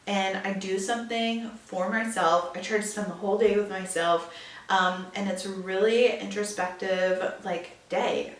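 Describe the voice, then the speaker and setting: A woman's voice: mid-range voice, a bit bright, distant mic. Brief: young female podcast host, chatty filler-heavy delivery, a bit off-mic in a roomy space. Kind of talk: casual solo podcast chat. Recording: echoey room, a bit off-mic.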